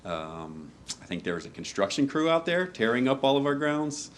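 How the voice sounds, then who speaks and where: A man's voice: medium pitch, sing-song, normal speed, a little hiss or hum. A man, a fire lieutenant, giving an informal speech at a ceremony, candid and joking, with many fillers. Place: hall at a ceremony before an audience.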